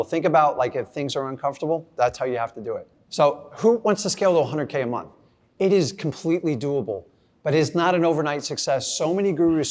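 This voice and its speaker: A middle-aged man giving a blunt, casual motivational talk to a live audience, acting out little scenes. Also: on the high side. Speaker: real estate investor speaking to an audience.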